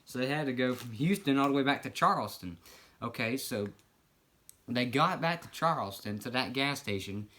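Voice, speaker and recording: A man playing a grandfather who rambles through an absurd tall tale in a meandering, deadpan way. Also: medium pitch, normal speed, low-quality recording. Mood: rambling. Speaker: comedic storyteller. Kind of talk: improvised comedy monologue.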